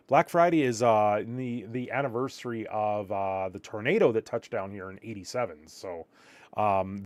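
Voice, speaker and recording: A slightly tired man chats casually on a live stream and rambles as he reacts to his viewers' messages. His voice is mid-pitched and the recording is dry and close. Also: dry recording. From Canada. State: a little tired.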